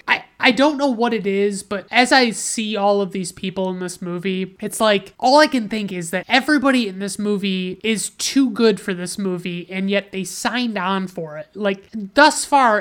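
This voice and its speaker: A woman's voice: medium pitch, fairly bright tone. A woman riffs through a casual movie review, her voice sitting in an ordinary middle register. She swears freely and piles on sarcasm, sounding openly exasperated with what she watched. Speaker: podcast host reviewing films.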